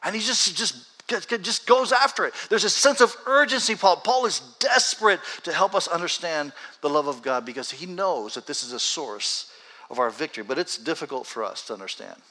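Bright-voiced man preaching a sermon. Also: on the high side, animated, poor audio. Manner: conversational, builds to urgent raised passages; reads scripture slowly and deliberately. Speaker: pastor. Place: church sanctuary with congregation.

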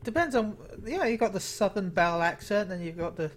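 Brief: English male podcast co-host, high voice, rambling casual chatter. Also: animated, brisk, a little hiss or hum. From England. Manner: chatty, laughs easily, rambling restarts. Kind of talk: casual chat.

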